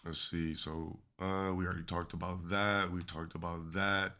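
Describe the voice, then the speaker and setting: Male streamer, deep and bright-toned, casual profane monologue that wanders. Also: level tone, normal speed. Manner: rambling, profane, trails off mid-thought. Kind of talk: casual rant to chat.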